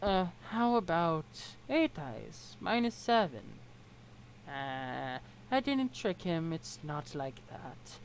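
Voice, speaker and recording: A woman voicing a curt, deadpan troll boy. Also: deep voice, slow, a little hiss or hum, heavily acted, low-quality recording.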